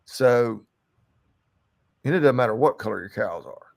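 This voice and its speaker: A man co-hosting a podcast, a cattle rancher in casual chat, relaxed and rambling with lots of fillers and restarts. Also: medium pitch, unhurried, creaky.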